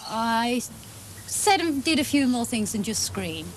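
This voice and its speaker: A woman answers an interviewer's questions casually, giggling between matter-of-fact replies. Her voice sits somewhat high, with faint background noise. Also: very animated, unhurried.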